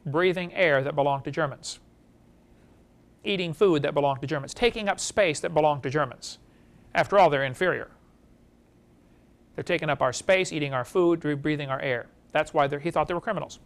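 Animated high-voiced male lecturer. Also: fairly quick, pauses often. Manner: animated, rhetorical questions to the audience. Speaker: creation seminar speaker. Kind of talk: lecture to a live audience.

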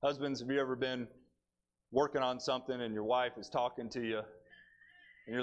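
A male preacher delivering a sermon in church, telling the story with animated, dry humor. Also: mid-range voice, moderate pace, long pauses.

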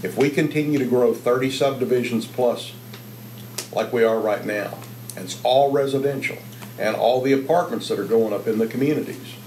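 Male commissioner, calm and measured, mid-pitched voice, echoey chamber with faint hum. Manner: measured, cites figures. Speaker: county commissioner. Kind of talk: public meeting debate.

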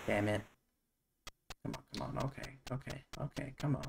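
A man's voice: medium pitch, steady tone, moderate pace, gravelly, a little hiss or hum. A man streaming an old video game, muttering and cursing to himself under stress, with wry asides. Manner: wry, self-mocking asides. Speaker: streamer playing retro games. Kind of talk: live gameplay commentary.

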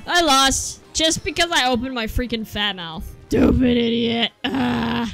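A woman's voice: on the high side, animated, normal speed, sharp tone, faint music behind. A young woman streaming a racing game, chatting casually and scolding herself aloud. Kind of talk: casual gaming commentary.

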